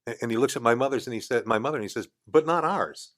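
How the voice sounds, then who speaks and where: Speaking very fast at a medium pitch, the older man tells a casual tale as a guest in a radio studio. His delivery is lively, and he mimics the voices of the story's characters.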